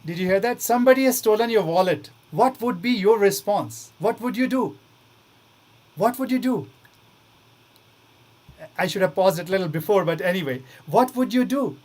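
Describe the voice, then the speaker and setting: A man's voice: sits high, expressive, moderate pace, long pauses, a little mellow. A man giving a motivational talk to students. He earnestly coaxes them along and keeps repeating his questions back to the room. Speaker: motivational speaker.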